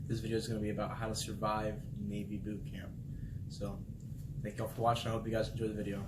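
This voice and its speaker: A man's voice: fairly low pitch, fast. Young navy guy chatting on his vlog, easygoing then pumped up, roomy echo and noise in the background. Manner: relaxed at first, then upbeat and animated. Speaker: vlog host, Navy sailor. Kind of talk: casual vlog talk. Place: military barracks room. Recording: echoey room with background noise.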